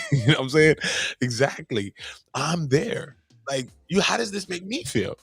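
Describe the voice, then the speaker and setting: A young man, casually telling a story as host, animated and swearing freely in street slang. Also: fairly high pitch, a little slow, vocal fry, husky, no echo.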